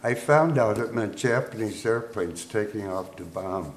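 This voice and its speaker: A man from the United States in his eighties, a veteran appearing as a guest, shares his memories of the war, chuckling as he goes. His voice is on the low side and a little slow, and the echoey room has faint noise in it.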